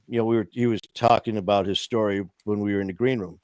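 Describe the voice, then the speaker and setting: A man's voice: on the low side, steady tone, quick pace, darkish tone, smooth, no room sound. A man hosting a casual talk show, telling stories in an impassioned, rambling way full of "you know" fillers. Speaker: host of a recovery talk stream.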